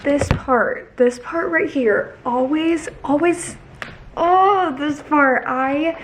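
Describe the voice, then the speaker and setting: A woman's voice: sits high, slow pace, a little hiss or hum. A woman recapping a novel in a casual, rambling way, full of fillers and restarts, and emphatic with her opinions. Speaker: book vlogger.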